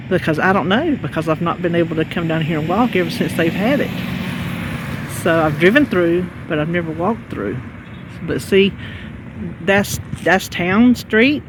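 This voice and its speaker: Strolling through her windy North Carolina town, a Southern woman holds her phone and rambles folksily to her viewers, whom she calls y'all, on a casual walking tour. She has a fairly low pitch. Her vlog picks up heavy street noise from cars and city traffic.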